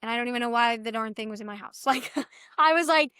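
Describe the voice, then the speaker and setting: A young woman guest telling her story in a casual chat, animated and full of fillers, acting out what others said. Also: a little high, quick pace, clear, resonant tone, no room sound, studio quality. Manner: animated retelling, acts out others' dialogue; filler-heavy, restarts often. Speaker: podcast guest.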